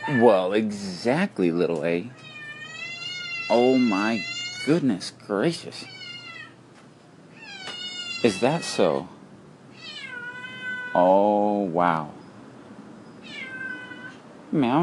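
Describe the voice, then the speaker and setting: A man's voice: deep voice, expressive, drawn-out words, long pauses, background noise. A man hosting a casual solo podcast, talking outdoors into a phone app as he walks, rambling and goofy as he muses aloud. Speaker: podcast host. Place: outdoors, walking around.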